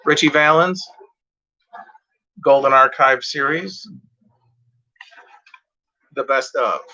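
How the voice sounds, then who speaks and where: Tired man with a bright voice. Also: mid-range voice, slow, muffled recording. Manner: rambling, reads out track lists. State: tired, yawning. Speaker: music collector reviewing cassette tapes. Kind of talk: casual rambling monologue.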